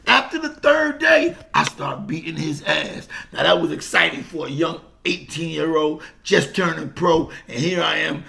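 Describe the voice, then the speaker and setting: An older man and boxing coach, telling a story in an animated way, repeating himself and swearing freely. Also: a little high, normal speed, gravelly, few pauses. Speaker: boxing coach and former fighter. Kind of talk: casual boxing talk to camera.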